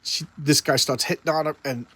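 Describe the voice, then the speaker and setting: A man's voice: a little high, steady tone, a little fast, a bit bright. A man casually retelling a comic book story in a loose, rambling way, with many fillers and restarts.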